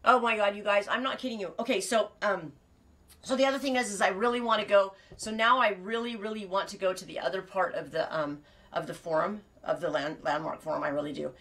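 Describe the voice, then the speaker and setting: A woman's voice: mid-range voice, fairly even intonation, fast talker, a bit bright. A woman hosting a casual knitting live stream from her farm, rambling and cutting herself off, laughing often and swearing now and then. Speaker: knitting show host and sheep farmer.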